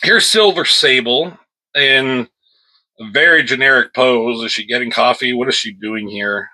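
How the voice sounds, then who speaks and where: A man's voice: medium pitch, a little slow, pushed and bright, poor audio. A man reviewing a comic book at home in an offhand, rambling chat, breaking off now and then to scold his cat.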